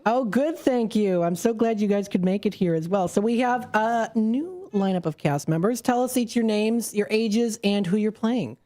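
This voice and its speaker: A woman's voice: medium pitch, normal speed, few pauses, mellow. A woman hosting a local radio interview from a studio. Her talk is casual and chatty, full of little fillers and restarts as she asks her questions. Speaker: radio host.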